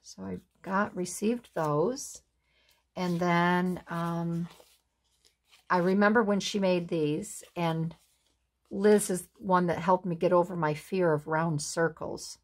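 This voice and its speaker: A woman crafter doing an unboxing, gushing admiringly and filling pauses with fillers. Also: fairly low pitch, steady tone. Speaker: craft vlogger. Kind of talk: unboxing show-and-tell.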